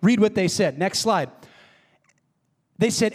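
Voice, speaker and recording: A man preaching a sermon as pastor, emphatic and swinging from high excited emphasis to quiet, hushed prayer. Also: takes it slowly, long pauses. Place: church sanctuary. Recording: reverberant hall.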